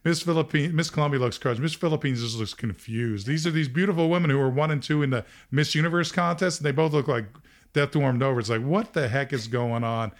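Animated man telling a story. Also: mid-range voice, brisk. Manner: animated, laughs often, acts out quotes. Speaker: podcast host. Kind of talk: casual storytelling.

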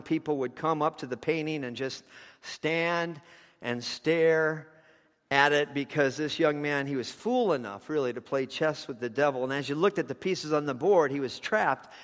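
A man's voice: a little high, moderate pace, a bit bright, in a large hall. A man preaching a sermon, telling a story with passion, his intensity rising and falling.

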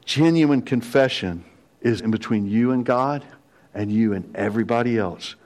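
A middle-aged pastor preaching a confessional sermon, telling a personal story with quoted voices. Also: male voice, medium pitch, very animated, normal speed, a little mellow.

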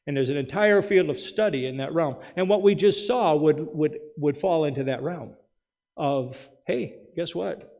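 A man's voice: on the high side, darkish tone. Emphatic preaching man in a reverberant hall. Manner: emphatic, rhetorical preaching with many asides. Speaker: pastor. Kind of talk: sermon. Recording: dull sound with long hall reverb.

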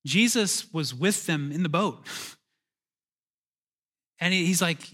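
A man preaching a sermon in a church in a casual, animated, self-interrupting way, with chuckling asides. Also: fairly high pitch, slow, long pauses. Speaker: pastor.

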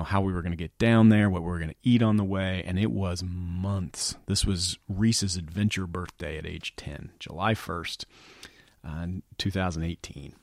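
A middle-aged man giving a reflective motivational talk, earnest and halting, often dropping to a soft near-whisper. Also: low-pitched, no echo, clean studio sound. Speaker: speaker.

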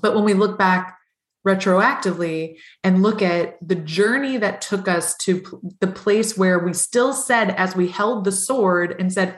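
A woman's voice: mid-range voice, normal speed. A woman hosting a podcast, chatting with enthusiasm and reflection, often acting out little quoted thoughts. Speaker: podcast host. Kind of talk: casual podcast chat. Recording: roomy, echoey room sound.

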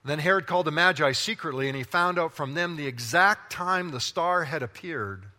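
A male pastor preaches in a large church hall, his voice bright and a little high, and it rings with a long reverb. He is playful and animated, and he keeps talking straight to the people in front of him. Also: normal speed. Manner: animated, playful, talks directly to the congregation. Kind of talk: sermon.

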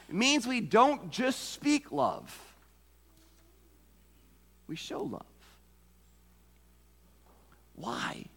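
A man delivers a sermon in an unusually high, bright voice. He speaks slowly, leaning on rhetorical questions and repeated lines for emphasis. His words hang in the long reverb of a church sanctuary. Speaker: pastor.

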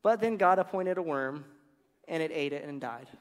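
A man's voice: on the high side, expressive, normal speed. Casual, joking man preaching in a hall. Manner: casual, humorous storytelling with slangy asides. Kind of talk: sermon.

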